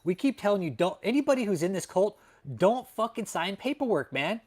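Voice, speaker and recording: Very animated and talking fairly quickly, a male livestreamer addresses his audience from home, a dog close by, with heated, blunt remarks and nonstop profanity. His darkish voice is pitched slightly higher than the average man's.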